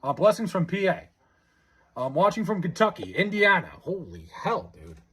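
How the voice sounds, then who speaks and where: At a normal pace, a young man streams live in a high, slightly rough voice. He reads out comments from viewers and chats casually, stammering excitedly and restarting frequently.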